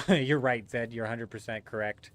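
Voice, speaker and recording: A man of middle pitch talks loosely with his live-stream audience as he plays a game. He answers viewer messages as they come in, relaxed and chatty, with casual asides about the game. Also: moderate pace. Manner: chatty, answers viewer chat while playing.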